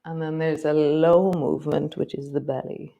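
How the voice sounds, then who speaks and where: A woman with a notably low voice leads a yoga practice. She talks through each movement in slow, gentle cues, then chats easily to her class. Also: little pitch movement, vocal fry, lo-fi sound. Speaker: yoga teacher.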